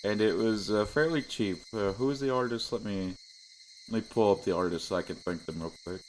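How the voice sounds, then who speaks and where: A young man chatting casually while streaming a game, rambling and often breaking into high-pitched laughter. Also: a little fast, a little hiss or hum. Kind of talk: casual livestream gaming chat.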